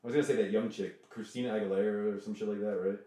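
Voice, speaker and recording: A man with a dark, low-pitched voice, chatting casually. He rambles along quickly and easily, leaning on fillers. He sounds a little away from the mic, in a roomy space. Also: steady tone. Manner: rambling, filler-heavy, easygoing. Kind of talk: casual chat.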